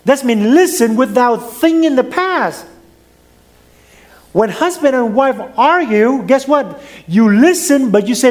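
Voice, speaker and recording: A man's voice: very high voice, expressive, measured pace, a little mellow. A middle-aged man preaching a sermon as pastor, swinging his voice up and down, with some non-native grammar.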